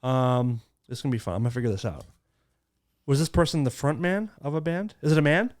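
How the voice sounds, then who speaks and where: A podcast co-host in casual chat, bantering playfully and guessing quickly. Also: medium pitch, a little mellow.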